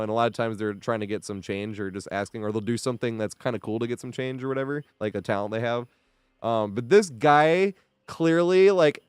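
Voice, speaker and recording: A young man chats while he streams a game, spinning loose, laughing stories with plenty of swearing. His voice comes through smooth and clear, and the sound is dry, with no room echo. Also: medium pitch. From New York area. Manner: rambling storytelling with frequent laughs and swearing. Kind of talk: casual chat while streaming.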